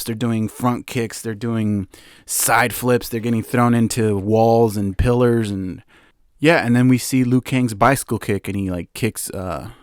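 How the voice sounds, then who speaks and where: A young man hosting a podcast, retelling a movie's plot in a loose, excited ramble full of fillers and little laughs. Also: fairly low pitch, no room sound, clean studio sound. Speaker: podcast host. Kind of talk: casual movie recap.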